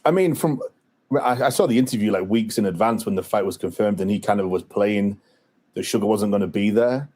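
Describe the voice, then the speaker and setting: Male podcast co-host, low voice, loose rambling boxing talk, lots of "like" and "you know". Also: fairly quick, mellow. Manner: rambling, many fillers and restarts. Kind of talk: casual boxing chat.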